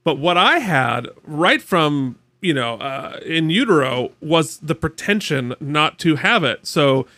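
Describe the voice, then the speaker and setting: A man co-hosting a podcast, chatting casually with animated, joking asides. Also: a little high, takes it slowly, few pauses, no room sound. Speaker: podcast co-host. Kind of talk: casual chat reacting to a TV show.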